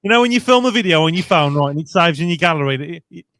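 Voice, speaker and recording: A man's voice: a little high, lively intonation, rapid-fire, fairly bright tone, slight background noise. A young man hosting a casual fan podcast, chatty and laughing as he tells stories. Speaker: fan channel host.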